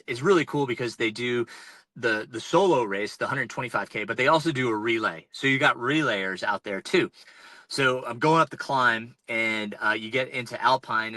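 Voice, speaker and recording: Forceful animated storyteller from North Carolina. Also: male voice, medium pitch, dry recording, poor audio. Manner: animated storyteller with many fillers and restarts. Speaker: ultrarunner guest. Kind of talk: casual storytelling on a podcast. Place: inside a truck. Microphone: remote call-in.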